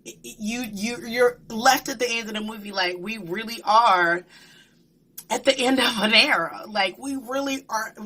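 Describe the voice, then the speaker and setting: A woman gushes through a casual movie review in a bright, forceful voice. She talks emphatically and slips into slang. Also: fairly high pitch.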